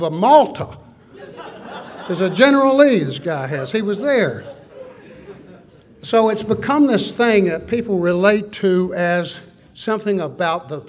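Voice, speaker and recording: An older man with a drawl tells stories at a conference, with folksy, animated delivery. His voice is a little husky and sits somewhat high for a man. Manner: folksy, animated storytelling with list-like riffs. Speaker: conference speaker. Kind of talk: conference talk. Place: conference hall.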